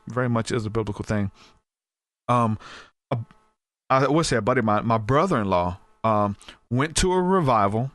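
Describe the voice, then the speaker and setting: A man, hosting a podcast, who tells a story in a casual, animated and rambling way, with restarts and asides. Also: fairly low pitch, dry recording. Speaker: podcast host.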